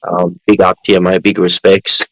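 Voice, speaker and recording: Low-voiced Australian man, blunt and sweary. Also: level tone, normal speed, fairly bright tone, low-quality recording. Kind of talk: casual chat.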